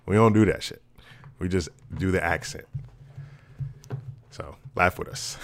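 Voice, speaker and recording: Deep-voiced laid-back podcast guy. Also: slow pace, pauses often, fairly bright tone, clean tone, no room sound. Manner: profane, laughing, rambling. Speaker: podcast co-host. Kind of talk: casual chat.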